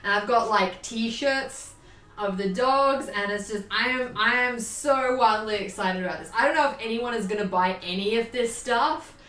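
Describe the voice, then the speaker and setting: A bubbly young woman chats through a casual live stream, her voice sitting a little high. She sounds set back from the mic in an echoey room. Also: normal speed, fairly bright tone, recorded from a distance. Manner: bubbly, chatty, swears casually, baby-talks to her dog.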